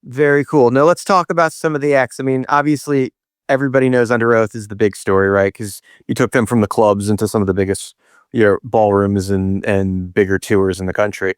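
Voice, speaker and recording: Smooth-voiced male podcast host. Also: fairly low pitch, little pitch movement, brisk, dry recording, studio quality. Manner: brief prompting questions. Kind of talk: casual interview.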